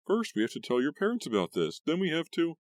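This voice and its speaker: A man's voice: a little high, huge pitch swings, fast, no room sound, clean studio sound, voice pushed up. A man voicing a worried, insistent teenage boyfriend in an audiobook, urging and coaxing. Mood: urgent.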